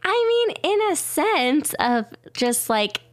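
A woman's voice: sits high, very animated, takes it slowly, dry recording. A woman co-hosting a podcast in casual chat, giggly and playful. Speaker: podcast co-host.

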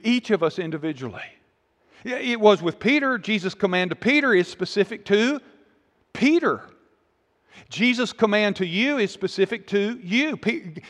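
A man with a high voice preaching earnestly from the pulpit. He hammers his points home with repeated phrases and quick restarts, sometimes dropping low and soft. His voice rings out with a long hall reverb behind it. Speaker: pastor. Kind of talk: sermon.

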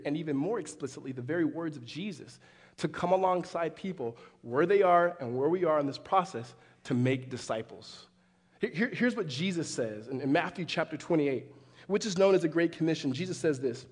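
A man preaching a sermon as pastor, animated, with frequent restarts. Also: high-pitched. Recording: long hall reverb.

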